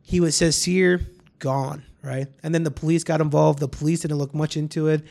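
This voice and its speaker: A man's voice: on the high side, level tone, moderate pace, creaky, darkish tone. A man hosting a podcast, telling a story in rambling casual chat, full of restarts and swearing. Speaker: podcast host.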